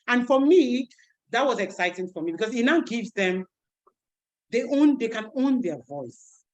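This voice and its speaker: A woman, a teacher giving an animated talk over a video call, who repeats words and acts out voices. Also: fairly high pitch, moderate pace, low-quality recording. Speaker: teacher and guest speaker.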